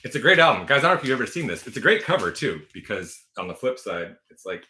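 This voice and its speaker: A man's voice: on the low side, very animated, fast, bright, forceful tone. A man in his forties hosting a casual livestream from home, chatty and gushing, laughing often and answering viewer comments. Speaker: livestream host.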